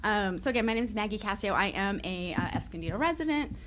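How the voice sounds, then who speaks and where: A woman's voice: medium pitch, expressive, fast, fairly bright tone, a little hiss or hum, poor audio. Earnest woman at a podium. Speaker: parent and community activist in public comment. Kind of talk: public comment at a school board meeting. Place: meeting chamber.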